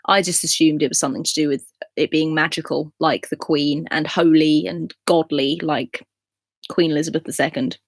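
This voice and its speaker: A woman's voice: deep voice, fairly even intonation, moderate pace, no echo. A Scottish woman in her twenties hosting a casual livestream, chatting and laughing as she reads viewer comments aloud. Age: 20s. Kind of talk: casual live chat.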